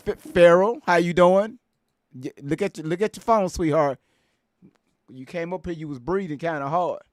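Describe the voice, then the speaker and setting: High-voiced guy hosting a livestream, laughing and cussing through casual banter. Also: normal speed, no echo, studio quality. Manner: laughing, profane, loose banter. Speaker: livestream host. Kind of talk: casual live-stream chat.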